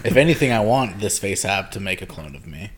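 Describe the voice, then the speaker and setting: Low-ish guy rambling on his podcast, lots of ums, super loose. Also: animated, fairly quick, a little hiss or hum. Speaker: podcast host. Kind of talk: casual podcast chat. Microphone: podcast microphone.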